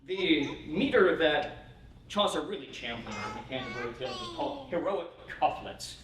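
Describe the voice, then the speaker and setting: A slightly high, expressive man speaks at normal speed over a noisy background, giving a casual poetry lecture as a pastor. He uses many fillers, keeps asking "right?", and reads old verse in a sing-song lilt. The room echoes and the mic is far away.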